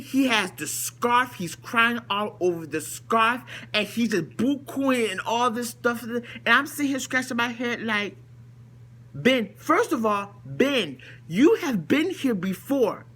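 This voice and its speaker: Bright-voiced woman ranting to camera. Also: fairly high pitch. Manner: exasperated, fires off rhetorical questions; blunt, dismissive asides. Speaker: vlogger reviewing a TV episode. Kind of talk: casual to-camera rant.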